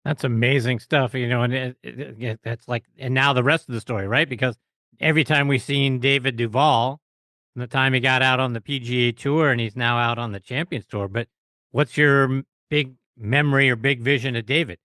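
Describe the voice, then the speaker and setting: Bright-voiced enthusiastic male host. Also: medium pitch, steady tone, fairly quick, no room sound, studio quality. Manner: enthusiastic, prompting the guest. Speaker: podcast host. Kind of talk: casual podcast chat.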